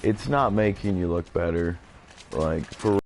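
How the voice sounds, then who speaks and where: A man streaming a game with casual, rambling commentary. His voice sits very low, with a gravelly fry, and he keeps up a chatty flow. A faint noise runs beneath him. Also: animated, a little slow.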